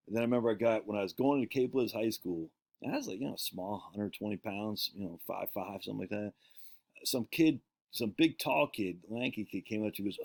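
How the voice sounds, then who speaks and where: A man with a fairly low voice tells loose, rambling stories from his own life, full of asides and self-corrections. He grew up on an island in Maine and hosts his own casual show. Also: quick pace, gravelly. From Peaks Island, Maine. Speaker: show host.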